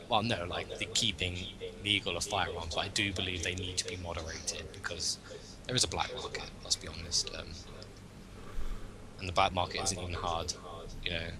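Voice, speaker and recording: A man's voice: low-pitched, poor audio. A young man hosting a casual political chat, rambling and opinionated as he thinks aloud. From Britain. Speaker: host.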